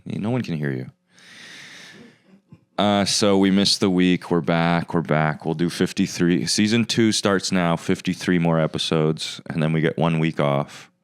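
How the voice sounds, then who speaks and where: Low, smooth-voiced sarcastic male host. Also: unhurried, dry recording, clean studio sound. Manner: sarcastic, mock-arrogant rambling. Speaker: podcast host. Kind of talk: casual comedic monologue.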